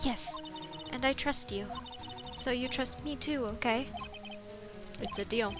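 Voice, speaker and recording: A woman's voice: on the high side, takes it slowly, over music. A woman voicing a shy, grateful young woman accused and defended in a game.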